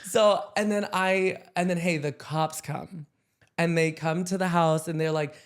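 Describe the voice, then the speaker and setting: A man's voice: fairly high pitch, steady tone, measured pace, clean tone. A young man co-hosting a podcast, chatting casually through a personal story with many fillers and frequent laughs. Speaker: podcast co-host.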